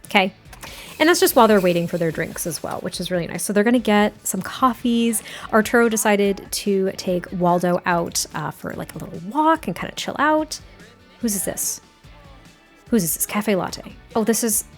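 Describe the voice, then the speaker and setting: A woman's voice: medium pitch, animated, moderate pace, faint music behind. A woman casually narrating a life-sim story, chatty and giggly, rambling and restarting her sentences. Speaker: game narrator. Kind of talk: casual let's-play storytelling.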